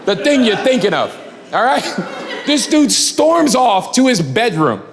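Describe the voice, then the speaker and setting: A man performing a stand-up comedy set, telling stories with lively shouting and acting out characters. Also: very high voice, unhurried, background noise. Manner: animated storytelling, shouting punchlines, acting out characters. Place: large hall before a live audience. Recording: live hall reverb, loud crowd. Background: crowd laughing.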